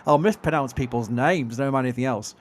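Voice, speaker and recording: A man's voice: mid-range voice, quick pace. A man with a Yorkshire accent chatting casually and self-deprecatingly as a livestream co-host. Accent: Yorkshire English. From England. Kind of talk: casual live-stream chat.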